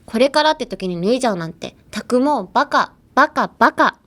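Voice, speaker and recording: A woman's voice: fairly high pitch, animated, very fast, a bit bright, voice pushed up. A woman reading the lines of an exasperated, bossy teenage girl from an anime, scolding in a reproachful way.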